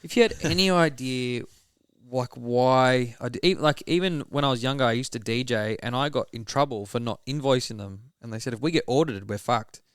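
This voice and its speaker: Aussie podcast host, casual yarn, swears a lot, smooth clear voice, dry room. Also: male voice, mid-range voice, normal speed, no echo. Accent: Australian. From Australia. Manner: blunt, swears freely. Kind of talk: casual chat.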